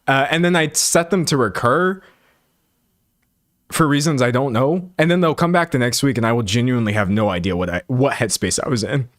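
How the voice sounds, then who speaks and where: A man's voice: mid-range voice, fairly quick, no room sound, clean studio sound. A young man from South Central Texas with a Texan drawl, chatting casually and joking on a livestream. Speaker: streamer.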